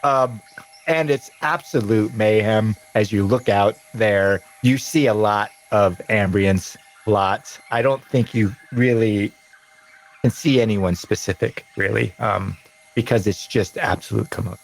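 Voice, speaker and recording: A man narrating a tabletop game as game master, describing scenes in an unhurried, drawn-out way. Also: on the low side, creaky, rough recording.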